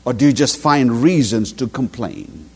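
A man's voice: mid-range voice, measured pace, husky. A middle-aged man preaching a sermon, telling stories and acting out quotes. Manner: animated storytelling with acted quotes.

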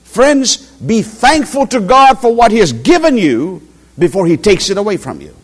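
A man's voice: sits high, moderate pace. A middle-aged man preaching a sermon, telling stories and acting out quotes. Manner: animated storytelling with acted quotes.

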